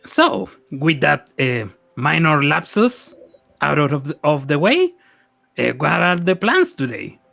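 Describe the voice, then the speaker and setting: A man's voice: a little high, sing-song, takes it slowly, gravelly, sharp tone. A man playing his character in a tabletop game, hesitant and stammering through restarts. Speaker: player.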